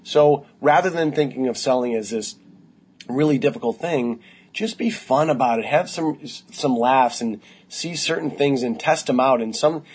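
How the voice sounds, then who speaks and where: Man, podcast host, husky voice, mid pitch, upbeat and encouraging. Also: normal speed, darkish tone. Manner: upbeat, encouraging, sums up the guest's points. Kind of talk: podcast interview.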